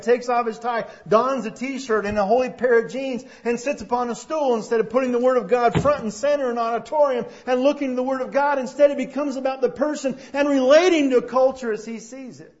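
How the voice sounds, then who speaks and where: Man, pastor, sermon, high voice, emphatic preaching, muffled lo-fi sound. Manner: prays softly, then preaches with rising emphasis. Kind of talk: sermon with opening prayer. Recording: dull lo-fi sermon recording.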